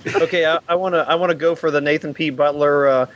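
A man co-hosting a podcast in casual chat, jokey and deadpan. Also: a little high, fast talker. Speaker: podcast co-host. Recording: dull, dry sound.

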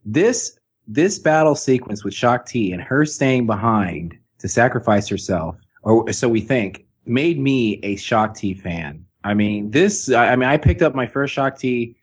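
Husky guy cohosting a chat, gets excited, lots of fillers. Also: fairly low pitch. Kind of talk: casual chat.

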